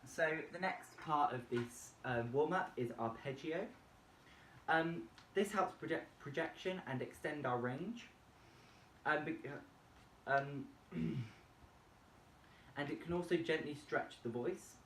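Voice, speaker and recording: A man presenting a vocal warm-up tutorial and explaining each step plainly. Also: a little high, slow, a little hiss or hum. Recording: echoey room, distant mic, faint music. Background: faint backing music from a laptop.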